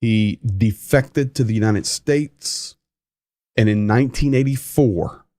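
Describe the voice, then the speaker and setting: Male livestream host, unhurried and emphatic, reads out comments, dry close mic. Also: lowish voice, mellow, no room sound. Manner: reads viewer comments aloud, chatty and emphatic.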